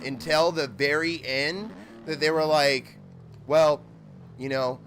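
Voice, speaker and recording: A man's voice: fairly high pitch, steady tone, slow pace, fairly bright tone, soft background music. A man live-streaming a motocross game, chatting loosely and swearing, rambling with lots of "like" and "dude". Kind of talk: casual live-stream chat while gaming. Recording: motorbike game engine noise behind.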